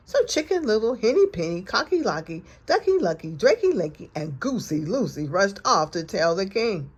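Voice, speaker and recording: A woman hosting storytime, reading a children's picture book aloud in an expressive, gentle and encouraging way. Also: mid-range voice, moderate pace, few pauses, slightly rough. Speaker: storyteller host.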